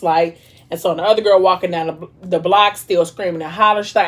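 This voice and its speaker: Animated young woman retelling a story. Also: mid-range voice, moderate pace. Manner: animated, dramatic retelling with quoted dialogue and slang. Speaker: mukbang vlogger retelling a book. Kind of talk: casual storytelling chat.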